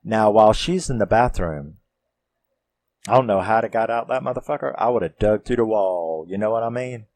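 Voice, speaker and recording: A man recapping a horror film in a casual, profane and animated way. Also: lowish voice, moderate pace. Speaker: film reviewer.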